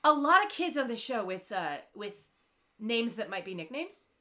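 A woman co-hosting a casual podcast, retelling a TV episode in a wry, profane, animated way. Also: a little high, moderate pace. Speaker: podcast co-host recapping a TV episode. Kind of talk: casual chat.

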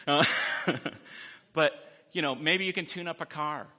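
Bright-voiced male pastor in a reverberant hall. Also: a little high, normal speed. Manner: conversational, asks "right?" often, with light jokes. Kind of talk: sermon.

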